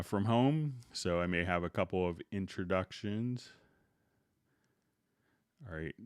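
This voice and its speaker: A middle-aged man hosting a live software tutorial stream in a relaxed, unhurried way, greeting viewers by name before he demonstrates. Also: fairly low pitch, smooth, no echo, clean studio sound.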